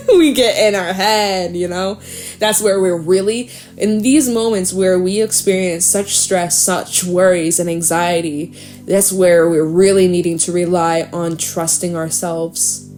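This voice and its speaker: A woman's voice: lowish voice, steady tone, measured pace, a little mellow, soft background music. A woman giving a casual, chatty tarot reading in an encouraging tone. She sometimes swears and acts out anxious inner voices. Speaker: tarot reader.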